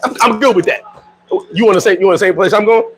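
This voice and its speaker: High-voiced, slangy middle-aged man vlogging. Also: fast, slight background noise, rough recording. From New York. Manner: animated and slangy, laughs often. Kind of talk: casual livestream chat, reading comments.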